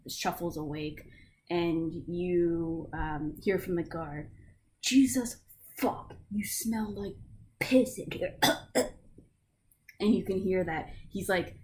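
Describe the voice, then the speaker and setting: A woman's voice: fairly low pitch, a little hiss or hum. A woman narrating a tabletop game as game master in a casual, loose way, with lots of fillers.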